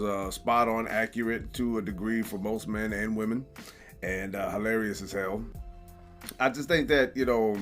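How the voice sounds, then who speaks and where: A man hosting a reaction video, talking loosely with exclamations and rambling asides. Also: lowish voice. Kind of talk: casual reaction commentary.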